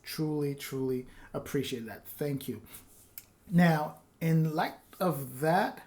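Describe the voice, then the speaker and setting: A man's voice: fairly high pitch, slow, darkish tone. A man hosting his own channel's giveaway vlog, talking casually in a rambling, apologetic way with nervous laughs. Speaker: YouTube channel host.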